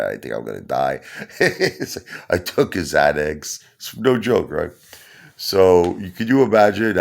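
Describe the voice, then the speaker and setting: A man telling a funny personal story in a rambling, animated way, repeating himself and laughing along. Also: very deep voice, creaky. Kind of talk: casual comedic storytelling.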